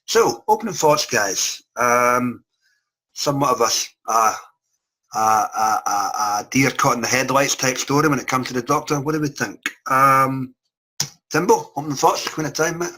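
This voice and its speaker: A man's voice: mid-range voice, moderate pace, sharp tone. A man hosting a casual review chat over a video call, jokey and chummy, calling his guests mate. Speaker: podcast host.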